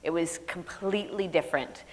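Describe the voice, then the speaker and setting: A woman author telling funny stories on an opera house stage, lively and laughing, into a stage microphone. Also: fairly low pitch, normal speed. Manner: lively, laughing comic storyteller. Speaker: guest author. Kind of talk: onstage storytelling Q&A. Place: large opera house stage before audience. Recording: reverberant hall, faint noise.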